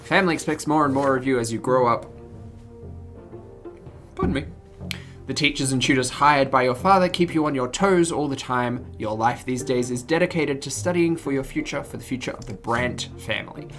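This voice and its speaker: Woman streamer, bright voice, giggly, reads game text, faint music behind. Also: a bass voice, normal speed. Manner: giggly, jokey, stumbles over words. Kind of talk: reading game text aloud with chatty asides.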